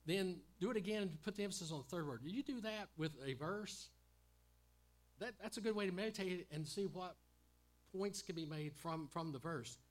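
A man's voice: high-pitched, moderate pace. A man preaching a sermon in an earnest teaching tone, often repeating words and stopping with fillers.

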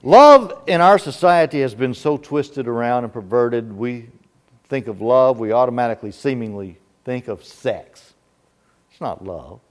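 A man's voice: mid-range voice, lively intonation, unhurried. A man preaching a sermon, asking rhetorical questions with emphatic delivery.

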